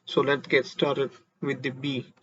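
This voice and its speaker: A man teaching a beginner Mandarin lesson, explaining slowly and deliberately and having learners repeat syllables after him. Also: mid-range voice, completely flat delivery, a bit bright, breathy edge, no echo, lo-fi sound. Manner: slow, deliberate explanations with demonstrated tones.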